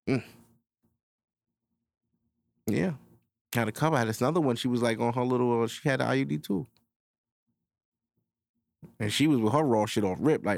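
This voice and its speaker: Crude, animated man telling stories on a podcast. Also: a little fast, gravelly, pauses often, no echo. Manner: crude storytelling, acting out quotes in a high voice. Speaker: podcast host. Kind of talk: casual podcast chat.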